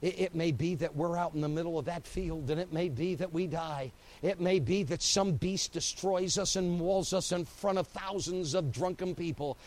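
A man preaching a sermon as pastor. He swings from hushed, slow lines to loud, driving buildups and repeats phrases in rising, rhythmic runs. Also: a little high, poor audio.

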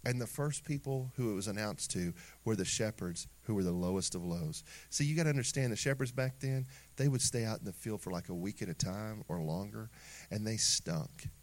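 A middle-aged man preaching a sermon in an animated way, acting out little scenes and dropping into quiet asides. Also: lowish voice, fairly quick. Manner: animated preaching with acted asides and sung snippets. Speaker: pastor.

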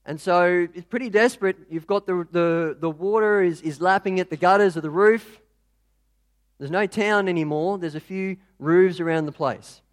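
A man telling a story in a relaxed, conversational sermon. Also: sits high.

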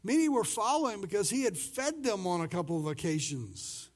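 Male pastor with a high voice, preaching casually and acting out quotes. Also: big pitch swings, fairly quick. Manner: swings between loud and soft. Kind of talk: sermon.

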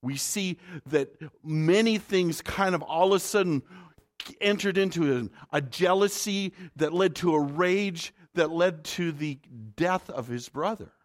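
Male pastor, fairly high voice, chatty sermon full of rhetorical questions. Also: measured pace. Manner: conversational preaching with rhetorical questions to the congregation.

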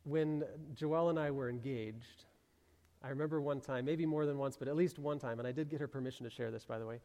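A man's voice: medium pitch, brisk, warm tone, big-room sound. A man preaching a sermon in a loose, conversational way, thinking aloud and reading scripture aloud.

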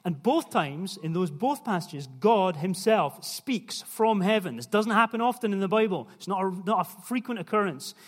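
A man's voice: high-pitched, animated, moderate pace, few pauses. A young man preaching a sermon in a conversational way, putting questions to the listeners. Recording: long hall reverb.

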